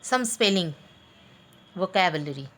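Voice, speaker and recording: A woman teaching an online class for young pupils, talking deliberately, spelling out letters and pausing with fillers. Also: lowish voice, lively intonation, fairly bright tone. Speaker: school teacher.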